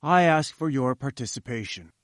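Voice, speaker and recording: A man's voice: medium pitch, animated, moderate pace, dry recording, clean studio sound, lightly acted. A man reading the lines of a pompous, condescending male professor who lectures in a lofty, patronizing manner. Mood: lecturing. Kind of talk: audiobook character voice.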